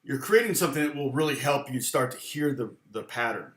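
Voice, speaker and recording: A man's voice: mid-range voice, expressive, fairly quick. A man teaching guitar in a loose, chatty live online lesson, counting and humming rhythms aloud as he goes. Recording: roomy sound with loud guitar and backing music.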